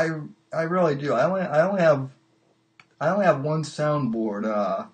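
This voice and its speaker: A man hosting a live call-in podcast, halting and often repeating his words. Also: medium pitch. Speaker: podcast host. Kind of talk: live call-in show chat.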